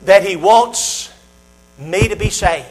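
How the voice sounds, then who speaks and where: A man's voice: high-pitched, slow pace, a little hiss or hum, poor audio. A middle-aged man preaching a sermon, talking straight to his congregation with emphatic, repetitive phrases that swell in volume.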